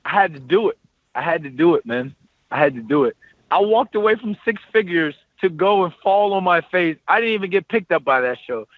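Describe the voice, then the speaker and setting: A man in his thirties telling stories as a podcast guest, animated and slangy, often repeating his phrases. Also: sits high, a little fast, no room sound. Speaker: podcast guest, former football player. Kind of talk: casual storytelling interview. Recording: tinny phone-like line, dry.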